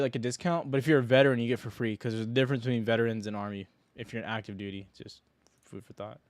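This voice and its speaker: A young man hosting a casual stock trading livestream, rambling and joking in slang, with sudden loud mocking bursts. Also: on the low side, dry recording.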